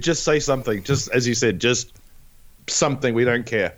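A young man from New Zealand, with that accent all through his casual podcast chat. He tells stories with gusto, swinging into high, silly voices for the people in them. His voice sits at an ordinary middle pitch. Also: moderate pace. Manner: animated storyteller, jumps into high put-on voices. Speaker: podcast co-host.

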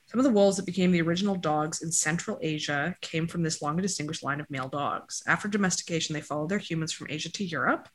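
A woman reads out her dog's DNA results in a casual chat, tossing jokey asides to the dog. She has a low-pitched voice and talks fast, barely pausing.

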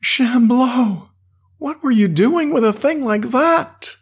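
A man voicing an excitable young male space adventurer in a raised, urgent voice. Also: sits high, measured pace, breathy edge, pitched above the performer's own voice, exaggerated voice. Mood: excited.

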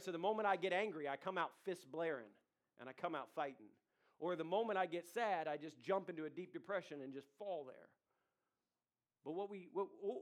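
A pastor in his thirties preaching a sermon in a conversational way, with asides to the congregation. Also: on the high side. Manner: conversational preaching with audience asides and acted quotes.

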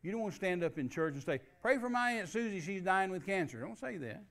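A man's voice: high-pitched, expressive, fast, fairly bright tone. An older man, preaching and telling a story in a folksy way. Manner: folksy storytelling with restarts and laughs. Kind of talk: sermon storytelling.

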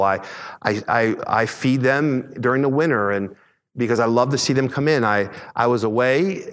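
A man's voice: medium pitch, in a large hall. A man preaching a sermon as pastor, earnest, often restarting and repeating words.

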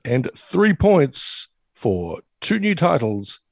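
A man's voice: a little high, sing-song, slow pace, vocal fry, no room sound, studio quality. A man co-hosting a podcast in casual chat, joking dryly and stumbling into restarts as he talks. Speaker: podcast co-host.

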